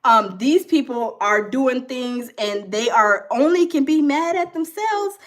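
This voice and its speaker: A woman's voice: sits high, expressive, measured pace. A woman hosting a casual gossip livestream, talking animatedly and acting out other people's voices. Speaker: gossip show host.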